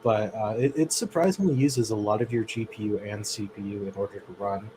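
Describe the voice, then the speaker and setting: A man co-hosting a livestream, chatting casually with viewers in a relaxed, loose way. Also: lowish voice, a little fast, background noise. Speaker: livestream co-host.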